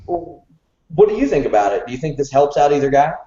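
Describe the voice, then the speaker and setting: Mellow-voiced man hosting a podcast. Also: on the high side, big pitch swings, fairly quick, reverberant, muffled recording. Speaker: podcast host. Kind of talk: casual podcast chat with ad read.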